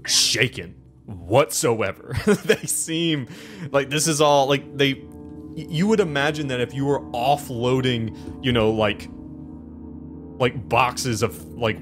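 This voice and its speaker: A man's voice: mid-range voice, fairly bright tone. A man running a tabletop game as game master, rambling with many "like"s and restarts as he sets the scene and acts out characters. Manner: rambling, full of restarts and "like", acts out NPC lines.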